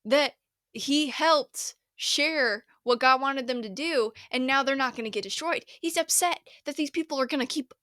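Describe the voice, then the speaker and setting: A woman's voice: high-pitched, moderate pace, bright, forceful tone, no echo, clean studio sound. A young woman hosting a casual solo podcast, chatty and slangy, laughing often as she retells a story in her own words. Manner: chatty, laughs often, paraphrases scripture in slangy put-on voices. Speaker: podcast host.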